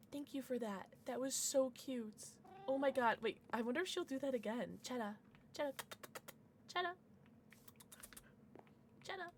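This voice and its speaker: A woman's voice: sits high, bright, forceful tone. A young woman streaming a video game, chatting casually and breaking into squealing baby talk with her pets. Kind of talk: casual gameplay livestream chat.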